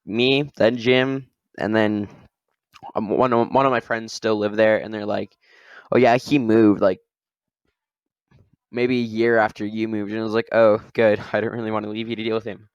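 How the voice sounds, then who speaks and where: A man's voice: on the low side, flat delivery, moderate pace, clean tone, dry recording, muffled recording. Rambling young man telling a story. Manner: rambling, tags sentences with "all right?". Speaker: podcast host. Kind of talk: casual storytelling.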